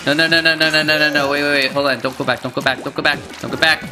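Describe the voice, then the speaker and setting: A gaming video creator commentating their own play, reacting with yelps, groans and quick outbursts. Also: medium pitch. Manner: excitable, yelps and groans at game events. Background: game music.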